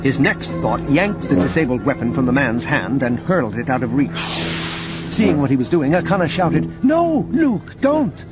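A man narrating an audiobook in a dramatic, lively reading. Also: medium pitch, normal speed. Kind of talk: scripted narration. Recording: dull audio under loud music.

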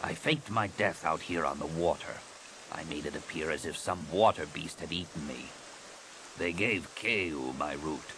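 A man doing a curt, gruff alien warrior. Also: a bass voice, a little slow, noisy background. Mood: guarded. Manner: curt and guarded. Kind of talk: audiobook reading.

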